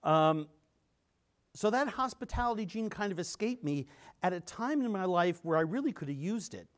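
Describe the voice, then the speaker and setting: A man's voice: high-pitched, moderate pace. A middle-aged man telling a story on stage at a conference and acting out the quotes. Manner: animated storyteller, acts out quotes. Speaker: conference speaker.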